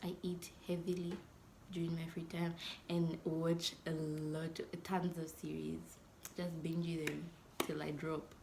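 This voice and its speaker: A young woman from Zambia in her twenties talks casually to camera in a vlog, playful and chatty. Her lowish voice has a gravelly edge and often drops to a near-whisper. A faint hiss sits under the recording. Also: flat delivery, slow. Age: 20s. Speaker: vlogger.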